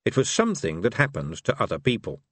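A male narrator reading fiction with a wry, expressive touch. His pitch moves a great deal from line to line. The recording is dry and close, with no room sound. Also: quick pace, no echo. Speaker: audiobook narrator. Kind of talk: scripted narration.

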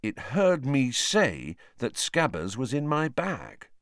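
A man's voice: mid-range voice, very animated, slow pace, no room sound, clean studio sound, pitched above the performer's own voice. Ron, a man doing an angry teen boy. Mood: sulky. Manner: loud, indignant outbursts. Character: angry excitable teenage boy wizard.

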